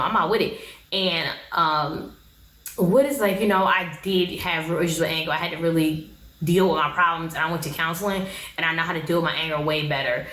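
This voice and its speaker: A woman's voice: fairly low pitch, a bit bright. A woman chatting casually as she recaps a reality show, gossiping and acting out what the people said. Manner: chatty, gossipy, acts out quotes. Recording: echoey room.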